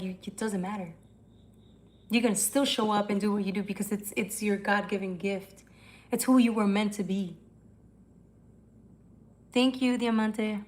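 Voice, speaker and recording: A young woman hosting a tarot livestream, chatting casually and answering comments, with some swearing. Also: a little high.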